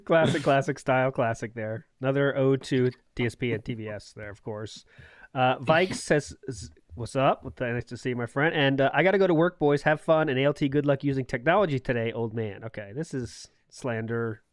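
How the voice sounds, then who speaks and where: A man's voice: mid-range voice, a little fast, dry recording, clean studio sound. A man hosting a podcast, chatting casually and laughing often as he introduces clips. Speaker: podcast host. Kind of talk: casual chat.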